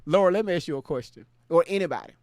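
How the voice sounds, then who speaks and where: A man's voice: on the high side, very fast, no echo, studio quality. A man hosting a casual livestream, talking with viewers in the chat. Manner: mumbling and trailing off into fillers, then laughing and ranting loudly. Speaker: livestream host.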